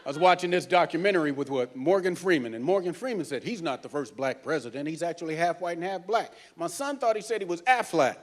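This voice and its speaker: A man working as a cruise director, doing stand-up comedy on a ship's stage and teasing the crowd loudly. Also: a little high, lively intonation, quick pace, few pauses, a little hiss or hum. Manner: loud, teasing crowd banter. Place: cruise ship theater.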